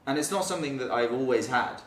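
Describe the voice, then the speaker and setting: A man coaching about dating in loose podcast talk, confident and blunt, with curse words thrown in. His voice sits in a mid range, and the room gives it a clear echo. The mic is some distance from him. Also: medium pitch, expressive, quick pace. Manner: confident, blunt, swears freely. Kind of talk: casual podcast chat.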